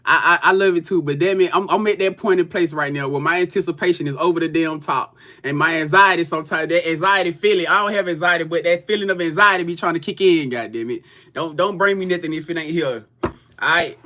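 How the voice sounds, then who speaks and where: A man's voice: a little high, quick pace, bright, forceful tone. A man reading tarot on a livestream, talking loose and profane straight to his viewers. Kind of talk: casual livestream chat.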